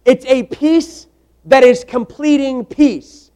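High-voiced preacher delivering a sermon. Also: male voice, slow pace, mellow. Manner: emphatic, repeats words for stress, asks the audience questions.

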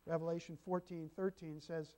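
A man's voice: a little high, flat delivery, moderate pace, mellow. An older man, a grandfather, preaching a sermon as pastor and telling homely stories with asides to the congregation. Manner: folksy storytelling with congregation asides.

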